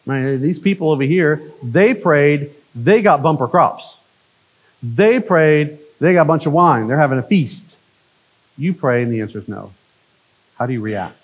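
A male pastor delivering a conversational sermon, often checking in with "right?" and swinging from emphatic lines to hushed ones. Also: on the high side, lively intonation, measured pace, husky, poor audio.

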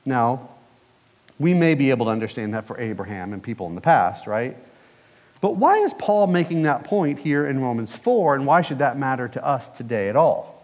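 A man's voice: a little high, darkish tone. A man preaching from the pulpit, talking it through with the congregation and tossing questions out to them. His slightly raised voice rings through a hall with a long reverb. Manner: conversational, asks the congregation questions. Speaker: pastor. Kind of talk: sermon.

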